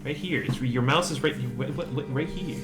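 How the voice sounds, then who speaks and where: A man's voice: medium pitch, fairly quick, echoey room, loud music behind the voice. A man playing a tabletop game, cracking casual jokes with the other players.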